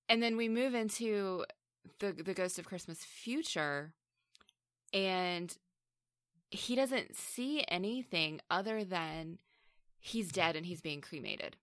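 A woman's voice: fairly low pitch, expressive, takes it slowly, fairly bright tone, dry recording, clean studio sound. A woman co-hosting a film discussion, talking casually and analytically, sometimes acting out characters' lines. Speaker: film review podcast co-host.

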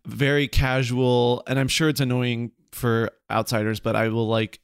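A man's voice: mid-range voice, little pitch movement, moderate pace, smooth, no room sound, studio quality. Jokey self-mocking podcast host, man. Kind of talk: casual comedic chat.

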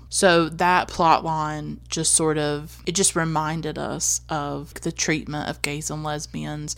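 A woman with a Southern US accent talks through a film she loves in a casual monologue. Her voice sits low with a gravelly edge, and the recording is dry and close. She speaks earnestly and with emphasis. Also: no room sound. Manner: earnest, emphatic, frequent "like" and "you know". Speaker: film reviewer.

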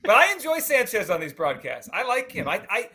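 A man co-hosting sports talk with a bright, forward voice, chatty and opinionated. His pitch sits a little higher than most men's. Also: huge pitch swings, a little fast, husky.

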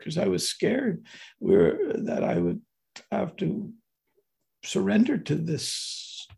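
An older man telling a personal story as a guest, earnest and slowing down on emotional words, with a raspy, gravelly voice. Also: on the high side, darkish tone.

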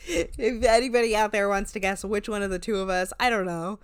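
A woman co-hosts a casual podcast, rambling with lots of "like" and easy laughter. Her voice is smooth and clear, recorded close and dry with no room sound. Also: mid-range voice, a little fast, no echo. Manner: chatty, lots of "like", laughs often. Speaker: podcast co-host. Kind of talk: casual chat recapping a reality show.

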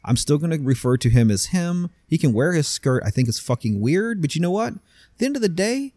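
Mellow-voiced man, blunt casual talk. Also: fairly high pitch, sing-song, a little fast, no room sound. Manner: blunt, swears freely, rambling restarts. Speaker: podcast co-host. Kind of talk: casual chat. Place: warehouse studio.

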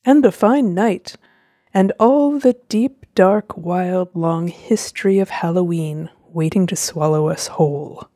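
Woman voicing a spooky old male spirit guide, sepulchral and grand, slow booming delivery, mellow tone. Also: no room sound, studio quality. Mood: ominous.

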